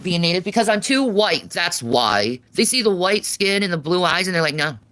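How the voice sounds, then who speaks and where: A woman's voice: on the low side, lively intonation, moderate pace, a bit bright, dry recording. A woman streaming live, reading and answering her chat in a crude, sarcastic, swearing way.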